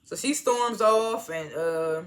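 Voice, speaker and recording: A woman's voice: mid-range voice, takes it slowly. A woman giving a casual, slangy recap of a TV show, talking animatedly and often breaking into laughter. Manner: animated, slangy, swings into loud excited retellings; frequent laughs and filler words. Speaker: TV show reviewer.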